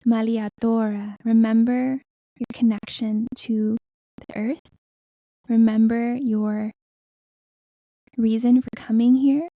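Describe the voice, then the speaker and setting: A woman guiding a meditation in a soft, slow, soothing way. She drops into whispers and chants in an invented light language. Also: a little high, fairly even intonation, no room sound, muffled recording. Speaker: guest spiritual healer. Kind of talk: guided meditation.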